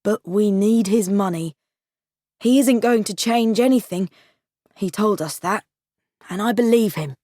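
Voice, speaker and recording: A woman's voice: medium pitch, unhurried, pauses often, mellow, no echo, clean studio sound, lightly acted. A woman voicing a factory owner in an audiobook, speaking plainly and matter-of-factly. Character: worried factory owner man.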